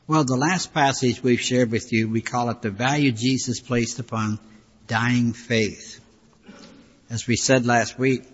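With a husky, mid-range voice, this older man preaches as a pastor, keeping the sermon conversational and folksy and wandering into frequent asides. The sound is dull lo-fi, echoing with hall reverb.

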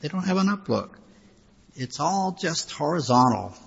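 Older male pastor, husky, reverberant hall. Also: on the high side, very animated, normal speed, fairly bright tone. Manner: conversational, folksy preaching with frequent asides. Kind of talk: sermon. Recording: hall reverb, dull lo-fi sound.

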